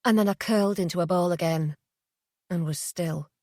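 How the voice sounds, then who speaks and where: A woman's voice: on the low side, moderate pace, a little mellow, no room sound. Woman narrating an audiobook, dry close sound. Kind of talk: first-person scripted narration.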